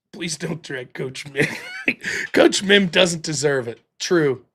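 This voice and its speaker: A man's voice: a little high, slow pace, gravelly, a bit bright, breathy edge. A man hosting a casual livestream, talking in a joking, profane, ranting way. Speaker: livestream host.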